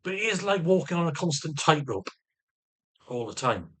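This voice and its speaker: Guy vlogging, husky voice, bit high, swears a lot and rambles, keeps repeating himself. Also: sing-song, normal speed, a bit bright. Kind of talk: unscripted personal vlog.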